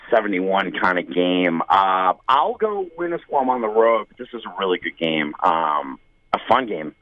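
Guy cohosting a sports podcast, rambling, pitch all over, kinda lo-fi. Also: no room sound. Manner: rambling, lively, laughs often. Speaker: podcast co-host picking games. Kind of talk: casual sports chat.

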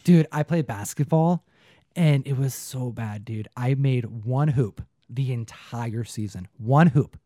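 A young man co-hosting a casual chat, telling stories in an animated way, often slipping into put-on voices and saying "dude" a lot. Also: mid-range voice, unhurried, no echo, clean studio sound. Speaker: podcast co-host.

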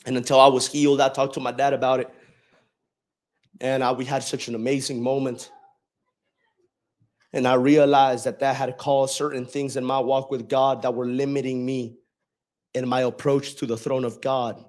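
A young man preaching a sermon and telling his own story, moving from quiet reflection to shouted emphasis. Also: mid-range voice, little pitch movement, moderate pace, long pauses. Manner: testimony-style preaching, swinging from soft reflection to shouted emphasis.

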